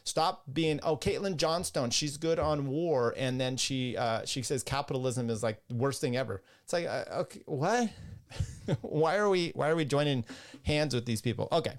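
Male podcast host, mid pitch, rambling and exasperated, reads articles aloud with asides. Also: normal speed. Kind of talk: casual political commentary.

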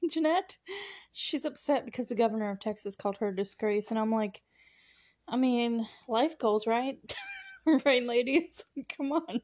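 A woman's voice: on the high side, unhurried, darkish tone. Chatty woman recapping a show. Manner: chatty, lots of fillers and frequent laughter. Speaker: podcast host. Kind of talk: casual TV episode recap.

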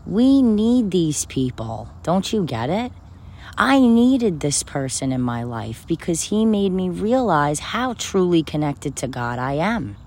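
A woman's voice: lowish voice, very animated, takes it slowly, darkish tone. A woman speaking about faith and forgiveness in an emphatic, personal, preaching manner. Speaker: spiritual speaker. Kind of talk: spiritual talk to camera.

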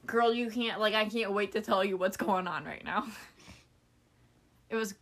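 Woman, podcast host, casual storytelling, acts out quotes, bright tense tone. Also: medium pitch, normal speed. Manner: animated, acts out quoted people; swears casually.

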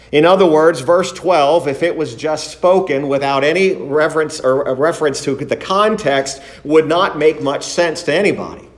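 A man preaching a sermon and reading scripture, slow and deliberate, stressing single words and asking rhetorical questions. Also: fairly high pitch.

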